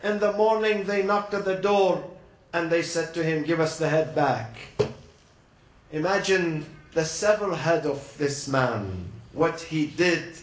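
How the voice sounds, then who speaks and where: High-voiced man preaching a story, echoey. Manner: dramatic, slows and drops low for emphasis. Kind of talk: emotional sermon storytelling.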